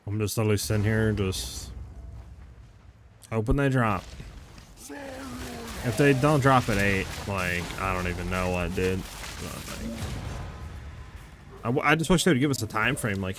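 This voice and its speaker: Chatting casually with his viewers while gaming, this man rambles restlessly, calls out chat members by name, and leans heavily on "like" and "you know." His voice is on the low side and a bit bright, at a measured pace with frequent pauses, with faint music behind.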